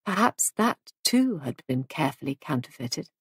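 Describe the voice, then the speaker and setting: A woman narrating a mystery audiobook in a measured storytelling manner, recorded close to the mic. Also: deep voice, very animated, breathy edge, dry recording.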